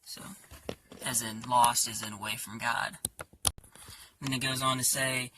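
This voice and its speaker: A man talking casually about his songs in a halting way, with many fillers and restarts. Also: medium pitch, level tone, bright, forceful tone, recorded from a distance, a little hiss or hum. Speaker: songwriter.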